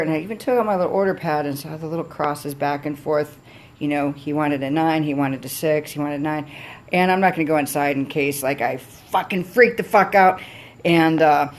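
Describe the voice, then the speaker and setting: A woman's voice: low-pitched, moderate pace. A woman restaurant server telling a blunt, profane, exasperated story about her customers.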